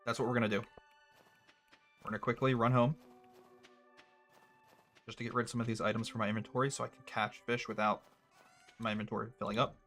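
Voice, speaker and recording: A young man casually commentating his own gameplay, thinking out loud with a wry, chatty manner. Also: medium pitch, little pitch movement, fast, long pauses, soft background music. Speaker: gaming streamer. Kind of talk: casual let's-play commentary.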